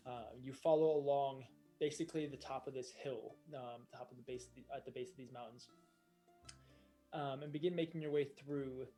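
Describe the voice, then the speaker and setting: Mellow-voiced man narrating a tabletop game. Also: mid-range voice. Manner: meandering, full of fillers and self-corrections. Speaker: game master.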